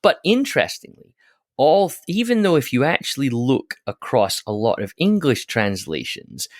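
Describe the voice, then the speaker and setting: A man co-hosting a podcast, explaining scripture in an animated, conversational way with frequent restarts and laughs. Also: mid-range voice, normal speed, no echo. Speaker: podcast co-host. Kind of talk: conversational Bible discussion.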